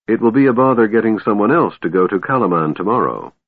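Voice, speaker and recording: A man voicing a cold, scheming female warlord who speaks coolly and smoothly. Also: fairly low pitch, expressive, fast, dry recording. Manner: cool, cutting, smooth. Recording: narrow phone-like sound, dry.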